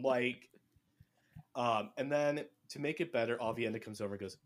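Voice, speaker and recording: Male podcast host, casual and animated, recaps the plot with quick character voices. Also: mid-range voice. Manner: animated, acts out characters' lines. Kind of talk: casual chat.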